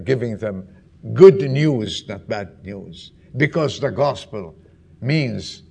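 A man preaching a sermon, swinging between loud questions to the congregation and hushed, almost whispered lines. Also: fairly low pitch, animated, takes it slowly, vocal fry, slightly rough.

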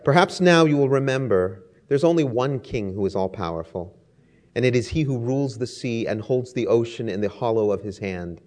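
A man voicing a proud, stubborn king who gives commanding, booming orders in a storytold sermon. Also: normal speed, a little mellow, natural voice. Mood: humbled. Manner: commanding, booming royal decrees.

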